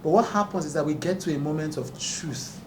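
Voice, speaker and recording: Speaking fairly quickly in a somewhat high voice, a talk show host makes earnest, emphatic remarks at a press conference and keeps bursting out laughing. Expect echo, a distant mic, and background noise.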